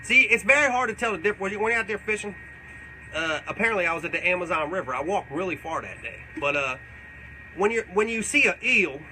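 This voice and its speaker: Brief: a man as a profane old backwoods guy, rambling and boastful, voice pitched a bit high and very bright. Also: expressive, fast, slight background noise, exaggerated voice, rough recording. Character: crude rambling older backwoods man, beer-loving. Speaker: comedic character. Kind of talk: live comedic Q&A in character.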